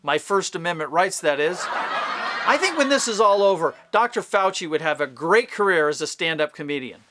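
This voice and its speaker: A man's voice: on the high side, lively intonation, fairly quick, background noise. A man hosting a comedy video, with dry, jokey delivery. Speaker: host.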